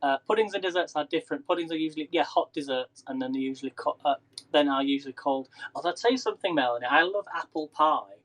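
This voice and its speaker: A man's voice: fairly high pitch, fast talker, fairly bright tone, low-quality recording. A man chatting casually to viewers during a live cooking stream, often laughing and greeting people by name. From England. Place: home kitchen.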